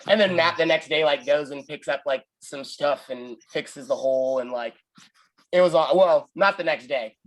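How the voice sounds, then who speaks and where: A podcast co-host with a higher-pitched voice rambles casually through a story at a moderate pace, filling it with "like" and acting out quotes. The recording is low quality.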